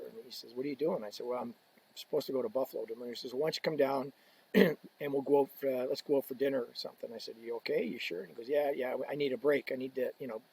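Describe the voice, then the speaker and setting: A man talking as a podcast guest, telling stories in a casual, animated way and acting out the people he quotes. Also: mid-range voice, husky, rough recording. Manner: animated storyteller, acts out quoted voices. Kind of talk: casual storytelling.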